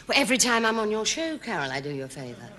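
A woman's voice: mid-range voice, big pitch swings, rapid-fire, big-room sound, very noisy. An English woman with a posh, teasing manner, coaching accents in a comedy sketch with sung patter. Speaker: guest teaching an accent.

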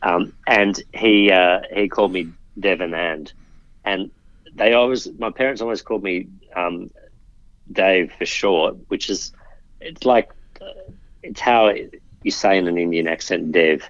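A man, a politician guest, talking in a measured way with frequent restarts in a casual interview. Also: sits low, a bit bright, dry recording, lo-fi sound. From Australia.

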